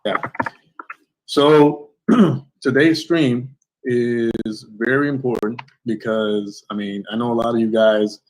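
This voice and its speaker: A man's voice: medium pitch, fairly even intonation, slow, a little mellow, low-quality recording. A man hosting a livestream interview, thanking and blessing his viewers effusively. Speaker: host. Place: home setup in Florida.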